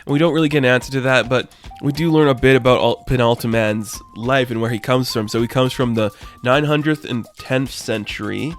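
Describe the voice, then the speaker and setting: A man giving a casual, excited comic book review, rambling and briefly voicing characters as he retells scenes. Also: medium pitch, brisk, few pauses, faint music behind.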